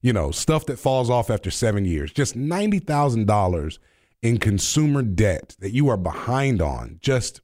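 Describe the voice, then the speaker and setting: A man's voice: on the low side, very animated, normal speed, darkish tone, dry recording, clean studio sound. A young man hosting a radio talk show in casual, playful chat, laughing often and joking about himself. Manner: playful, laughs often, jokey self-mocking asides.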